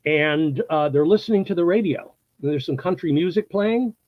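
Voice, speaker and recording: A man in his sixties from the United States, an actor telling anecdotes in a casual interview, animated and laughing often, acting out what people said. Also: fairly high pitch, normal speed, dry recording, phone-quality sound. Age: 60s. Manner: animated storyteller, acts out quotes, laughs often.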